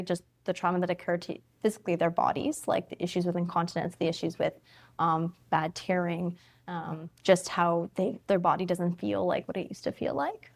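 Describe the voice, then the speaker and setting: A woman's voice: fairly low pitch, gravelly. A woman in her thirties, a family physician from Canada, explaining things in an interview conversation and laughing easily.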